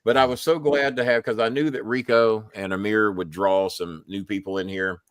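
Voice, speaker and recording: A man's voice: on the low side, fairly even intonation, normal speed, no echo, studio quality. A middle-aged man, hosting a casual show and telling blunt stories full of swearing. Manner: blunt, heavy swearing, storytelling. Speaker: show host. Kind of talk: casual live-show chat.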